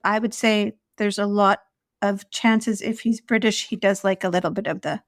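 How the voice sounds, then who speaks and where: In a casual podcast conversation, a female co-host who used to be an escort laughs easily and shares memories. Her mid-range voice holds a steady tone at a moderate pace, with clean studio sound and no room sound.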